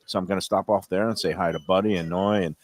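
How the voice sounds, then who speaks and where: A man hosting a show on location at a restaurant, chatting casually and telling stories with animated energy. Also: low-pitched, fast. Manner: chatty storyteller, animated when excited. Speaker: show host. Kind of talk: casual chat.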